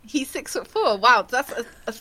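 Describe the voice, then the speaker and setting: A woman's voice: on the high side, big pitch swings, moderate pace, sharp tone. A woman co-hosting a food podcast, rambling cheerfully and laughing as she talks. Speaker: podcast co-host. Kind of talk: casual chat.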